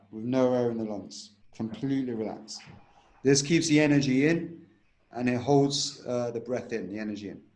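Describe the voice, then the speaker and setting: A man with a mid-range, somewhat dark voice teaches a breathwork technique in conversation, walking through the steps and demonstrating chanted tones. The recording has a roomy echo.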